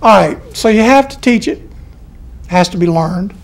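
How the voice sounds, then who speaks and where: Southern professor, middle-aged man, gravelly, folksy classroom talk. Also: high-pitched, expressive, measured pace. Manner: chatty, folksy, repeats key points. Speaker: college professor. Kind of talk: classroom lecture.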